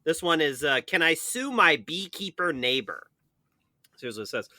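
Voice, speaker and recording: A man's voice: a little high, big pitch swings, normal speed, sharp tone, no room sound, studio quality. A man co-hosting a comedy podcast, teasing his friends in a casual chat. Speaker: podcast co-host.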